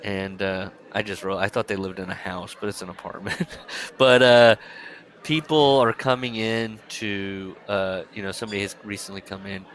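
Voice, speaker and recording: A man co-hosting a casual book podcast, retelling scenes in an animated way and laughing often. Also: fairly low pitch, moderate pace. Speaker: podcast co-host.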